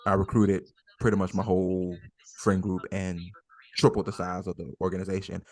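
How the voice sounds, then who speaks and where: A man's voice: low-pitched, flat delivery, moderate pace, a little mellow. A man co-hosting a podcast, telling a story in casual chat, swearing freely and acting out quotes. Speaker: podcast co-host.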